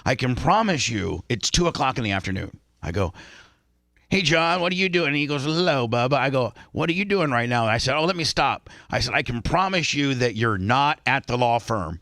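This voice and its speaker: A man's voice: mid-range voice, expressive, a little fast, pushed and bright, no room sound, studio quality. A man hosting a radio talk show, telling stories in a rambling way with lots of restarts. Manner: rambling storyteller with many restarts.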